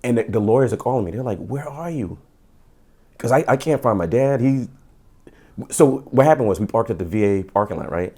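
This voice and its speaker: A middle-aged man, a former police officer, telling his story as a podcast guest in casual, animated talk, acting out quotes with stammering restarts. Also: medium pitch, fast.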